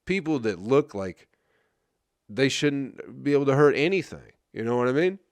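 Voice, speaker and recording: A man's voice: mid-range voice, animated, normal speed, dry recording. A man from Michigan hosting a comedy podcast, ranting in a crude, exasperated and mocking way. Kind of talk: profane comedic rant.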